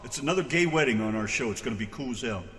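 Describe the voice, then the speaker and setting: A rowdy American man co-hosts a radio show, swearing freely and calling out names from the chat. His voice is bright and swings up and down a lot. It rings in a long room echo. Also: mid-range voice, animated, rapid-fire. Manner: rowdy, profane, hollering greetings. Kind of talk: casual crude banter.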